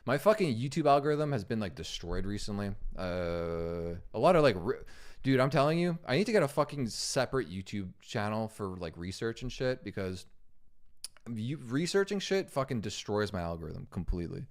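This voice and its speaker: A man's voice: fairly low pitch, big pitch swings, normal speed. A man streaming live and reacting to videos, talking casually to his chat, rambling and swearing often. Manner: profane, rambling, easily distracted.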